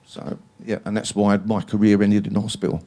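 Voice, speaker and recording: A man's voice: on the low side, little pitch movement, a little fast, warm tone. A man, telling long stories as a guest in a live interview, rambling and swearing freely with many ums. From England. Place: library event hall.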